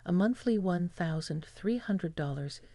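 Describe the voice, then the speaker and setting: Gravelly woman narrating a story. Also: fairly low pitch, animated, measured pace, mellow, dry recording. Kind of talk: scripted narration of a revenge story.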